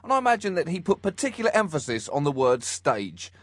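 A man's voice: a little high, sing-song, fast, dry recording. A man co-hosting a comedy podcast, riffing with wry, mock-indignant satire.

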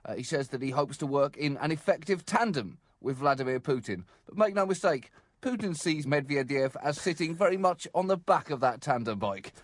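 A man's voice: fairly high pitch, animated, brisk, hardly any pauses, dry recording, studio quality. A man co-hosting a comedy podcast while ill, often chuckling through his lines. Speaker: co-host. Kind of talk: comedy podcast banter and scripted jokes.

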